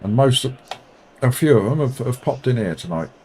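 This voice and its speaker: Excitable sim racer over engine noise. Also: male voice, mid-range voice, moderate pace. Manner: excitable, self-mocking banter. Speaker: sim racing streamer. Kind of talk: live gameplay commentary, chatting with viewers. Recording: loud racing game engine noise behind.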